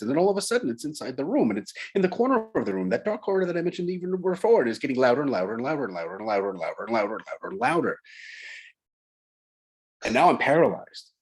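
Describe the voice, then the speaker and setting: Husky-voiced man telling a ghost story. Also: mid-range voice. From Long Island, New York. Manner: intense, builds up suspense with repetition. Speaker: author and guest.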